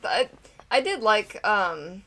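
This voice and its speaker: A woman's voice: medium pitch, lively intonation, slow, pushed and bright. A woman co-hosting a casual movie review, hesitant and filling her sentences with "like" as she trails off. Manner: hesitant, heavy use of "like", trailing off. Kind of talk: casual conversational film review.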